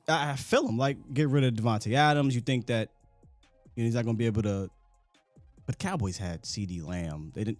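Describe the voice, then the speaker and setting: A man's voice: medium pitch, no room sound. A man hosting a call-in sports talk show, chatting casually in slangy, joking talk.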